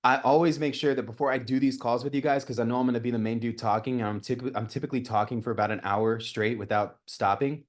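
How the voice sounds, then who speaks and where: A man in his thirties coaching a live group on real estate cold calling, energetic and talking with his hands, often checking in with "right?". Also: mid-range voice, quick pace, hardly any pauses.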